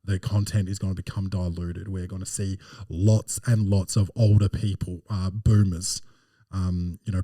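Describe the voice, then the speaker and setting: Deep, dark-toned comedy podcast host, rambling profane rants, dry close sound. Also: male voice, dry recording, distant mic. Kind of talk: casual podcast chat and movie review.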